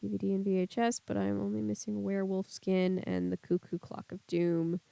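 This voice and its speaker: A woman's voice: medium pitch, steady tone, normal speed, creaky, warm tone, no echo. A woman streamer reading a book aloud and chatting casually with her live chat.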